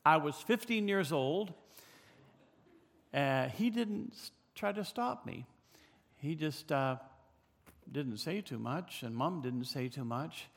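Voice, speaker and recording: Older canadian guy from bc telling his story, kinda high voice, lots of uhs, hall reverb. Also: animated, gravelly. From British Columbia, Canada. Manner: halting, many fillers and restarts, chuckles. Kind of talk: personal storytelling.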